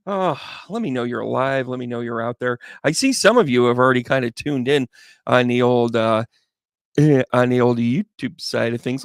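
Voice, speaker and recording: A man's voice: medium pitch, no room sound, studio quality. A man hosting a live tarot reading stream, chatting casually and playfully with viewers and rambling through jokey asides. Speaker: psychic medium and tarot reader, live stream host.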